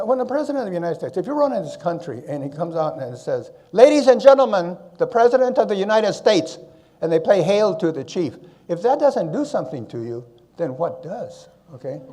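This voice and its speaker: An older man giving a conference keynote, telling stories and handing out advice, with a habit of tagging his points with "okay?". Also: high voice. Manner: animated, tag question "okay?" after points. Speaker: conference speaker. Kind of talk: storytelling keynote talk.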